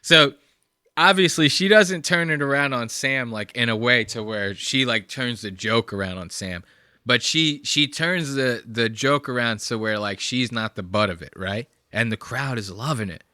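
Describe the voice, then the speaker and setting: A young male podcast host reacting to clips in casual, profane, rambling talk. His voice is bright and forward. The sound is dry and close. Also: medium pitch, normal speed, no room sound.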